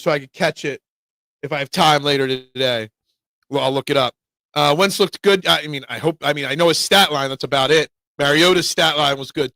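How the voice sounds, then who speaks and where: Gravelly, high-voiced sports show host. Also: male voice, dry recording. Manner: opinionated, excitable fan banter. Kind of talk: live sports talk, reading chat.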